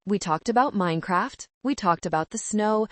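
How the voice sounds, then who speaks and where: A woman narrating a first-person story in a calm, measured, coldly resolved way. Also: mid-range voice, dry recording.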